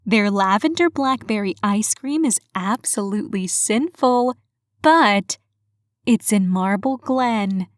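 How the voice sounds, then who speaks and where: A woman's voice: medium pitch, expressive, slow, no room sound. A woman narrator playing a chatty young receptionist in her twenties, giggly and confiding. She speaks in a medium voice, dry and close, like a storybook read. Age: 20s. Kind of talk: audiobook character voice.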